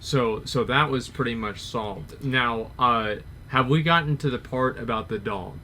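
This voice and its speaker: A man's voice: medium pitch, unhurried, sharp tone, slight background noise. A young adult man streamer telling a story in an offhand, wry way. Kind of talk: casual chat on a livestream.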